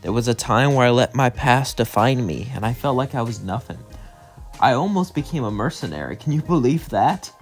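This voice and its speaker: A man voicing a sad, earnest young male imp who speaks softly and wistfully. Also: mid-range voice, lively intonation, brisk, soft background music, lightly acted.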